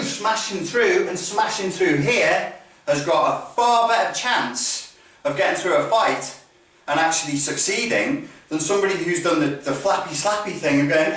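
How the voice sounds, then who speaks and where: A man's voice: a little high, fairly bright tone. A middle-aged man, a martial arts instructor, teaching a demonstration lesson in a blunt and profane way. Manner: blunt and profane, swears freely. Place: training hall. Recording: very echoey hall, mic far off.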